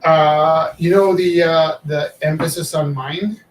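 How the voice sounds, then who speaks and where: A man rambles casually, his voice a bit high and thick with fillers. He sits back from the mic in an echoey room. A faint hiss runs underneath. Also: steady tone, slow, far from the mic. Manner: rambling, chatty, trails off with fillers. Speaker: live-streaming artist. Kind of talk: casual chat while drawing.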